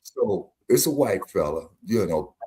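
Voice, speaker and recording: A man co-hosting a casual talk show, telling an animated, profane story and often asking if listeners follow. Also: sits low, unhurried, husky. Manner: animated storytelling, profane, repeats tags like "you see what I'm saying". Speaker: co-host. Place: Las Vegas.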